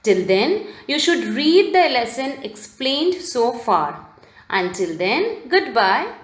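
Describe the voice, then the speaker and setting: A woman teacher giving a recorded video lesson for children, speaking slowly and spelling words out letter by letter. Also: high-pitched, very animated. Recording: roomy echo.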